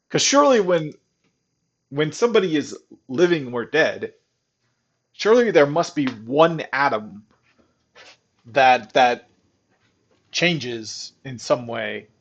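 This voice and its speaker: A man giving casual, rambling commentary while testing an app he built, excited and full of restarts. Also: mid-range voice. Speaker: programmer testing his own app. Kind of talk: casual screen-recording commentary.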